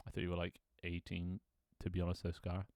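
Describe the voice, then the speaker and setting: Deep-voiced young man, rambling stream chat. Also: monotone, fairly quick, darkish tone, dry recording, clean studio sound. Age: 20s. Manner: rambling, self-mocking, laughs often, swears casually. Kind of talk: casual live-stream chat. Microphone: desk microphone.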